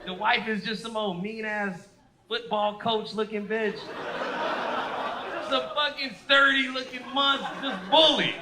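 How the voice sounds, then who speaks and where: A man's voice: sits high, slow pace, very noisy. Brash, profane stand-up man. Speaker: stand-up comedian. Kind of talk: stand-up comedy set.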